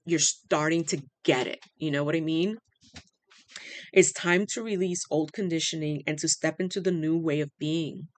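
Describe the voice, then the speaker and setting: An earnest tarot reader talks through a channeled reading, repeating phrases and pausing often as if moved. The voice sits at an ordinary middle pitch and sounds emotional throughout. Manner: emotional, says they are overwhelmed.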